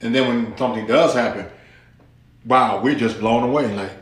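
A man preaches a sermon illustration, animatedly telling a story and performing the voices of its characters. His voice is medium-pitched at normal speed, and the sound is roomy.

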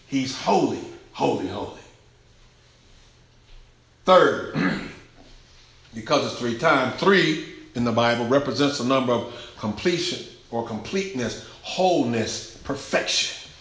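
A man preaching a sermon in a rhythmic, repetitive cadence, swinging from shouted exclamations to hushed near-whispers. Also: mid-range voice. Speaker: pastor. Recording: echoey room.

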